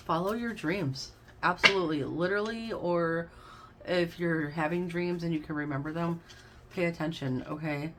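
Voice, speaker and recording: Low-voiced woman reading tarot cards. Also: normal speed, noisy background. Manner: chatty and effusive, addresses listeners as babes and y'all. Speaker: tarot card reader.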